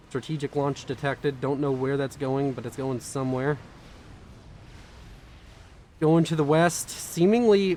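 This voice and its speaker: A young man casting a strategy video game with quick, chatty, self-mocking commentary, sounding tired. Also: mid-range voice, a little mellow, a little hiss or hum. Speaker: game caster.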